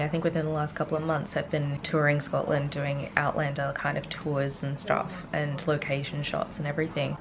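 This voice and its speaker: A young Australian woman vlogging while she travels, chatting in a rambling, excitable way into a handheld camera. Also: deep voice, noisy background. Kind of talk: casual travel vlog. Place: hotel room, then outdoors on streets.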